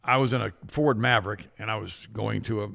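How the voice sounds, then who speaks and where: An older man hosting a studio talk show, telling a rambling, animated story full of restarts. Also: lowish voice, fairly quick, creaky. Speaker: show host.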